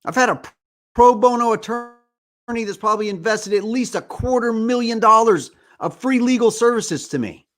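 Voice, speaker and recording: A man's voice: very high-pitched, normal speed, fairly bright tone. A man in his forties, a podcast host, delivering an angry, profane, impassioned monologue. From United States.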